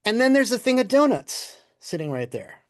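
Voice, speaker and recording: Male podcast guest, relaxed anecdotal delivery with voiced quotes, middle pitch, dry room. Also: normal speed, no room sound. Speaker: podcast guest, former game producer. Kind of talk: casual storytelling.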